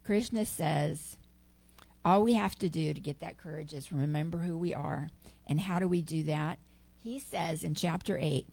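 A woman minister delivering a sermon with expressive, emphatic storytelling. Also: sits low, normal speed, gravelly, husky, dry recording.

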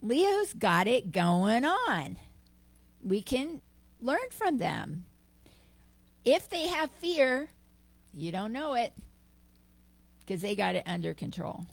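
A woman minister delivering a sermon with expressive, emphatic storytelling. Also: medium pitch, no echo.

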